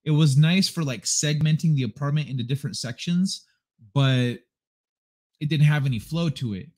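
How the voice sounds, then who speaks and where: A man's voice: fairly high pitch, normal speed, a little mellow. A man hosting a livestream from his apartment living room, chatting casually to viewers at a desk microphone in a rambling, laid-back way with plenty of swearing. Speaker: livestream host.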